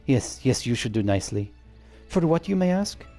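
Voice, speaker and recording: A man voicing a shrewd female wildlife overseer with a put-on accent, in a sly, theatrical, drawn-out manner, reading game dialogue during a playthrough. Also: medium pitch, sing-song, warm tone, faint music behind.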